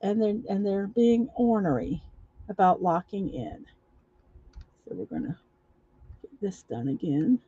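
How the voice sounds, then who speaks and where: Slow, husky woman talking through a build. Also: medium pitch, big pitch swings, mellow, no echo. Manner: halting, with many fillers and self-corrections, talking through each step. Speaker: livestream host building a block set. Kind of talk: casual build-along talk to viewers. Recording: dull lo-fi recording.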